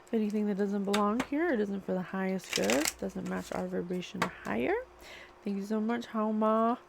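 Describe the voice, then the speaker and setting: A woman's voice: mid-range voice, moderate pace, gravelly, heavy background noise. A woman channeling a spiritual reading, musing and questioning aloud as she asks spirit for answers. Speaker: psychic reader.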